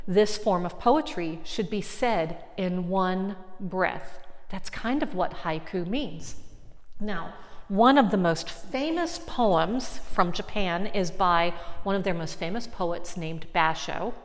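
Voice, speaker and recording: A woman from an arts center giving an encouraging lesson, explaining things clearly to viewers at home. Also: medium pitch, big-room sound. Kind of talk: friendly video lesson.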